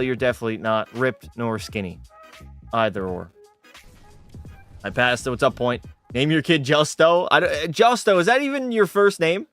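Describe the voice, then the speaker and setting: Young guy streamer, fairly high voice, casual and profane, faint music under. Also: a bit bright. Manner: casual, swearing, frustrated outbursts. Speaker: gaming streamer. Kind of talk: live game commentary with chat.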